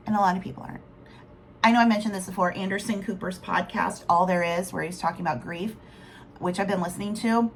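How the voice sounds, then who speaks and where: Middle-aged woman vlogger, candid and rambling, mid-pitched voice, faint background hum. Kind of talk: casual rambling vlog talk.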